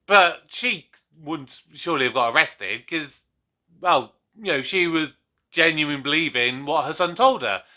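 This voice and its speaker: A man's voice: on the high side, expressive, a little slow, sharp tone. A man hosting a reaction video, chatting casually and rambling a little as he comments on a sitcom. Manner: chatty, rambling, laughs along readily.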